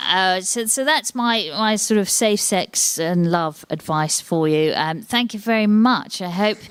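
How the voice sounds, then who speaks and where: A woman in her forties, a stand-up comedian, speaks a little slowly in a clean, mid-range voice. Holding a handheld mic in a library set up as a TV studio, she delivers self-deprecating material punctuated by little acted asides.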